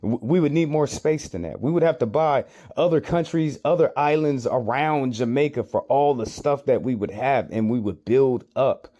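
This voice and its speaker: A man's voice: mid-range voice, moderate pace, few pauses, mellow, muffled recording. An American man giving reaction commentary on clips, arguing with rhetorical questions and repeated phrases.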